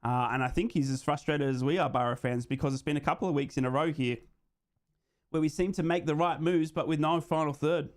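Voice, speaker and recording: A man's voice: fairly high pitch, brisk. A man hosting a live football watchalong, giving running play-by-play and reading out viewer comments. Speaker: host of a live match watchalong stream.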